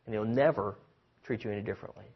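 Man, pastor, relaxed sermon, husky voice, dull lo-fi recording. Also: on the low side, fast talker. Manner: conversational with many fillers and restarts.

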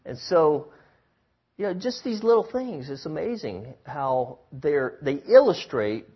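Husky-voiced man preaching conversationally. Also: a little high, big pitch swings, slow pace, highs cut off. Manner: conversational with many fillers and restarts. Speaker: pastor. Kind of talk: sermon.

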